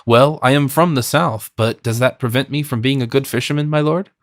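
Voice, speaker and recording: A man reads a wily fisherman in his fifties, chatty and humbly deferential with a sly edge. The audiobook sound is close and dry. His pitch sits at a middle level. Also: a little fast, dry recording, close to an everyday voice. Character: cunning, talkative French fisherman in his fifties.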